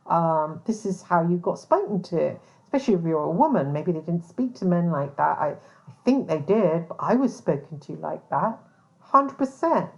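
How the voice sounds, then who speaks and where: A woman's voice: lowish voice, sing-song, moderate pace, vocal fry. Blunt, swearing woman, lo-fi. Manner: blunt and swearing, full of "um" and restarts. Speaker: podcast host, private investigator. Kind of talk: casual monologue. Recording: dull lo-fi sound.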